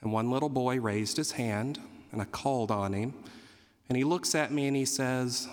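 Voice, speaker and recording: A man, a Catholic priest, preaching a Sunday homily with a gently humorous storytelling manner. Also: mid-range voice, steady tone, moderate pace. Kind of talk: sermon. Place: church. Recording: reverberant church hall.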